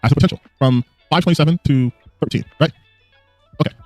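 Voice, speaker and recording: A man's voice: on the high side, fast talker, a little mellow, no room sound, soft background music. A man giving casual reaction commentary, mocking and dismissive, full of filler words.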